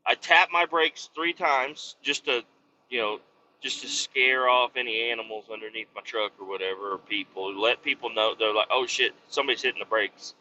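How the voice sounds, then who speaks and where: Man, very bright tense voice, rambling swear-laden storytelling, dull lo-fi recording with faint hiss. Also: medium pitch, normal speed. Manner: profane, rambling, animated. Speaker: podcast host, truck driver. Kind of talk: casual storytelling.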